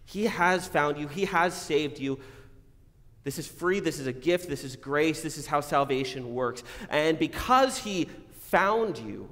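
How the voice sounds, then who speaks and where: A man preaching a sermon as pastor, earnest, swinging between emphatic declarations and quiet reflective asides. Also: on the high side, expressive, a little slow. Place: church sanctuary. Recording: long reverb of a church hall.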